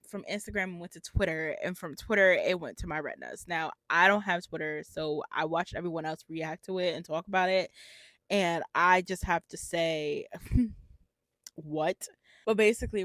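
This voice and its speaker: A host in casual solo commentary, chatting through internet news in a mid-pitched voice, close and dry with no room sound. The delivery is loose and conversational, full of "um"s, "like"s and tag questions such as "right?". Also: a bit bright, no echo. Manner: hedges with "I believe" and "like". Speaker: show host giving commentary.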